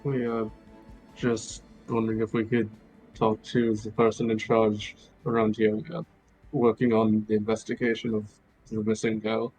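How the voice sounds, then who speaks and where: A man's voice: lowish voice, completely flat delivery, normal speed, a little mellow, soft background music, low-quality recording. A man player at a tabletop game, speaking in character in a hesitant way.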